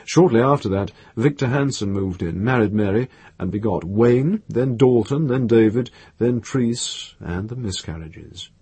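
A man reading a novel aloud in steady, measured scripted narration. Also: on the low side, breathy edge, no room sound.

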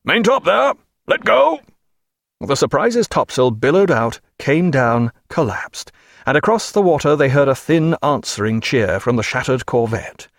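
A man's voice: mid-range voice, lively intonation, moderate pace, dry recording. Man narrating an audiobook, dry sound.

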